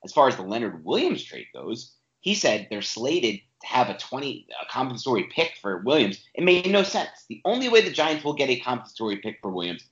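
Emphatic man in a roomy, dull-sounding room. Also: mid-range voice. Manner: animated, emphatic, with frequent restarts. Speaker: podcast co-host. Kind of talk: casual sports podcast talk. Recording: roomy, slightly dull home podcast audio.

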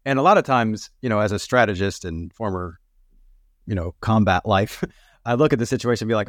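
A man's voice: fairly low pitch, brisk, no room sound, studio quality. A man talking as a podcast guest, laid-back and chuckling as he speaks. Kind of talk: casual conversation.

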